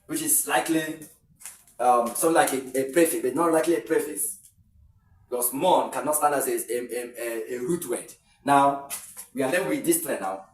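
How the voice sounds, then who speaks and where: A man's voice: mid-range voice, far from the mic, slight background noise. A man teaching an exam-prep lesson, explaining step by step and counting syllables aloud with fillers and restarts. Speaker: English tutor. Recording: echoey room, voice a little off-mic.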